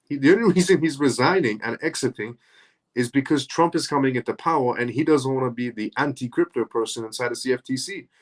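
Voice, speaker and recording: A man hosts a live online news stream, talking in a relaxed, chatty way. His voice sits at an ordinary mid pitch. He runs through the evening's topics in casual commentary and leans on filler words like "essentially". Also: fast talker. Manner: greets chat viewers by name one after another.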